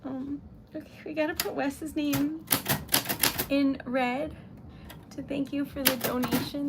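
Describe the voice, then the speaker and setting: Chatty woman on a live stream, kinda high voice, giggly, typewriter clacking loud in the background. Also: little pitch movement, measured pace, pauses often, heavy background noise. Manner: giggly, chatty, addresses viewers directly. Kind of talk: casual live-stream chat while typing. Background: typewriter keys and bell.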